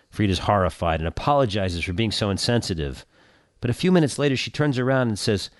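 Male rabbi host, low and very animated, dry studio sound. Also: brisk, dry recording. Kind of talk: radio show hosting and teaching.

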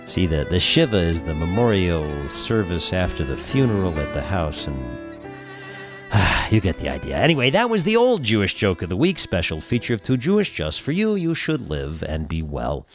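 Deep, expressive male rabbi host. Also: moderate pace, over music. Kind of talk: radio show hosting and teaching.

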